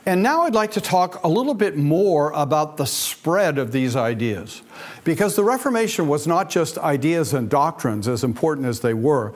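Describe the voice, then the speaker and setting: A man delivers a history lecture to a class in a relaxed, conversational tone. He drops in dry, joking asides as he goes. His voice sits a little high for a man. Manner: conversational, with wry humorous asides.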